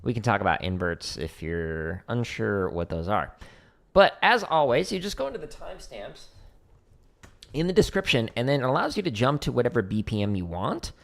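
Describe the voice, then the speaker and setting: Gravelly, chatty man on a stream. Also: mid-range voice, very animated, moderate pace. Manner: casual, chatty, self-deprecating. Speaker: drum teacher streaming practice. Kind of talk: casual livestream chat. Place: home practice space.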